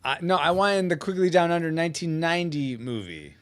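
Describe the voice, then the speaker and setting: A man hosting a podcast in casual, joking banter, quick to laugh. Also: fairly high pitch, crowd noise. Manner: jokey, animated, laughs often. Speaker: podcast host. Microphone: podcast mic.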